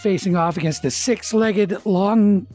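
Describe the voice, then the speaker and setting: A man's voice: sits high, normal speed, a little mellow, faint music behind. A man hosting a tabletop game as dungeon master, narrating scenes vividly and speaking to the players as "you".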